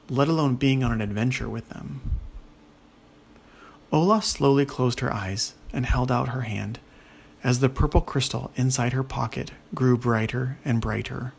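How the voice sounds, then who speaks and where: A man with a gravelly voice narrating a children's fantasy story in a gentle, unhurried way. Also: medium pitch.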